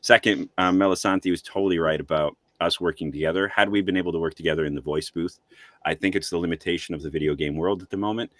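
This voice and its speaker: A male voice actor chatting on a livestream over a video call, explaining things in a relaxed way. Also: low-pitched, quick pace, dry recording. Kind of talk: livestream chat.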